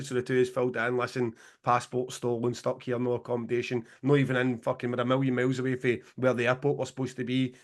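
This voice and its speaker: A man in his forties co-hosts a podcast, spinning a long and animated story in casual chat. He swears freely and breaks into laughter now and then, his voice sitting at an ordinary middle pitch. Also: quick pace, hardly any pauses. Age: 40s. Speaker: podcast co-host.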